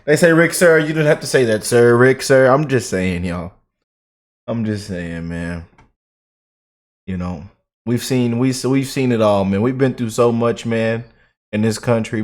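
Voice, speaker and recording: A man's voice: fairly low pitch, a little mellow. A man hosting a casual online commentary video, hyped up and repeating himself. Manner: hyped, repeats himself, quotes imagined critics. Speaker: commentary channel host.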